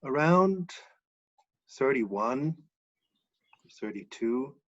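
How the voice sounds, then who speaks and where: A man telling a personal story in a relaxed, chuckling way, heard over a muffled video call. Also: medium pitch, drawn-out words. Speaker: guest author. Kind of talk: casual storytelling.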